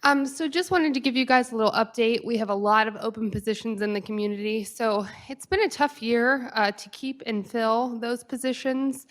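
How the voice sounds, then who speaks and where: A woman's voice: fairly high pitch, moderate pace, few pauses. A woman giving upbeat, chatty staff announcements at a community town hall meeting. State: out of breath.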